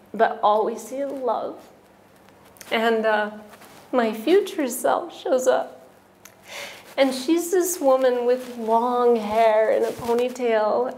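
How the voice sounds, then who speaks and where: A woman's voice: fairly high pitch, a little mellow. A woman giving an emotional personal testimonial at a retreat, telling her story with many restarts and quoted voices. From United States.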